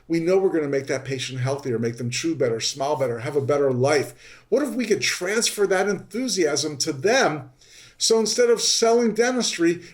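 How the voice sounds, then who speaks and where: A man hosting a podcast, telling a story in an animated way and jumping high in pitch when he acts out his exasperation. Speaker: podcast host. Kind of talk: storytelling monologue. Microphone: podcast microphone.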